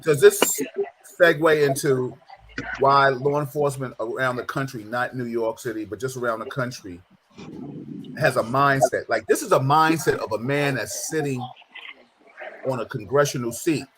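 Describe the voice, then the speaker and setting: A man hosting a panel discussion, talking in an animated, emphatic way. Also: mid-range voice, normal speed, background noise. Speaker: host.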